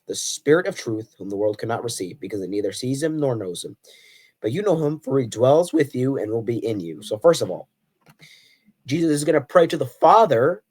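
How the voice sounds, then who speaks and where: A man talks straight to his viewers, reading scripture passages aloud and picking them apart. He argues with pointed rhetorical questions and leans hard on key words as he reads. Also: darkish tone. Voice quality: voice cracks on high notes. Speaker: Christian apologetics video host. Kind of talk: solo explainer reading and arguing over scripture.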